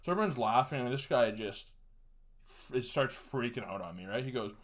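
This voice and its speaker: A man's voice: medium pitch, lively intonation, moderate pace. A young man hosting a podcast, telling a story in a casual way, crude and profane, chuckling often. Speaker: podcast host.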